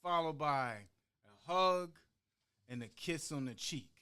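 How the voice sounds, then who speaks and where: A man performs a personal spoken-word monologue with a bright, high-pitched voice. He takes his time, pausing dramatically between phrases. Now and then he slips into the voices of the people in his story. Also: lively intonation, smooth. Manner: dramatic, rhythmic delivery with long pauses on key words; acts out quoted voices within the story. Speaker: podcast guest performing a monologue.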